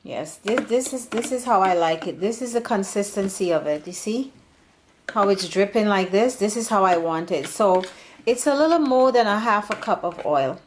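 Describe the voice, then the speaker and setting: A woman's voice: medium pitch, animated, normal speed, a little hiss or hum. A woman hosting a home cooking demonstration, chatty and meandering, often restarting her sentences. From Serbian background. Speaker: home cooking channel host. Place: home kitchen.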